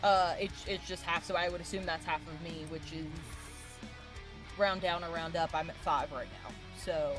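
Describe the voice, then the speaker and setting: A woman's voice: on the low side, steady tone, moderate pace, over music. A woman playing a tabletop game, describing her character's power and explaining its rules at length. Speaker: player.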